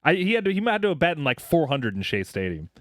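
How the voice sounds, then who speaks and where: A man co-hosting a podcast, talking sports in a casual, animated and profane way. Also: a little high, fast talker, no room sound, studio quality. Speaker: podcast co-host. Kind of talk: casual chat.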